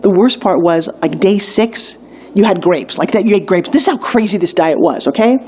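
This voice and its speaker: A woman's voice: medium pitch, animated, a little mellow, slight background noise. Upbeat woman teaching a weight-loss course. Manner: upbeat, emphatic, storytelling with quick asides. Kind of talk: motivational video lesson.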